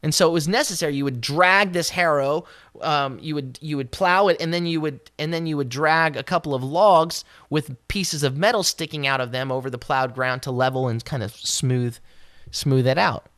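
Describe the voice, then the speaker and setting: A devotional Bible teacher with an expressive delivery who rises in pitch when acting out the words of scripture, then settles back to explain. The recording is dry and close, with no room sound. Hebrew terms are unpacked along the way. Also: moderate pace, dry recording. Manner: expressive, voices scripture quotes with raised pitch.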